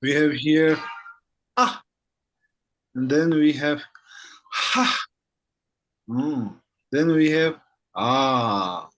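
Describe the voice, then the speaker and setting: A man teaching a slow alphabet lesson, reading each sound one by one and checking in often with "okay?" and "hmm?". His first language is Tibetan. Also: a little high, fairly bright tone, low-quality recording.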